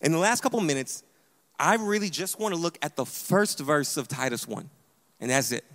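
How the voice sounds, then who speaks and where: A man's voice: on the high side, a little fast. Man preaching in a reverberant hall. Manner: animated, emphatic preaching with repeated "hear me". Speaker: pastor. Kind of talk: sermon. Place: church sanctuary.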